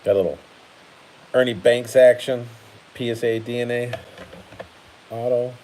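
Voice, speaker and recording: A man's voice: mid-range voice, steady tone, a little slow, a little mellow, a little hiss or hum, rough recording. A man hosting a casual card-collecting live stream, chatty and laughing often while he sorts cards at his table.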